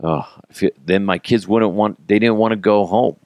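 Gravelly low-voiced man rambling. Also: normal speed, a little mellow, dry recording, studio quality. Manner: rambling, self-mocking, acts out quotes, swears. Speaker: podcast host. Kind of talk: casual storytelling podcast.

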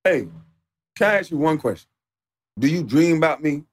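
A man streaming live, ranting off the cuff in a profane, mocking, animated way that sometimes turns to shouting. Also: on the high side, moderate pace. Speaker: livestreamer. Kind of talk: off-the-cuff livestream rant.

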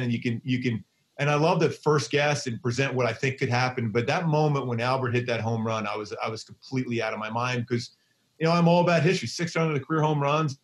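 A middle-aged man from Philadelphia with a Philadelphia accent, an excitable guest telling stories in a casual interview with many restarts. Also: medium pitch. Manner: excitable storyteller, frequent restarts. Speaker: baseball broadcaster, guest.

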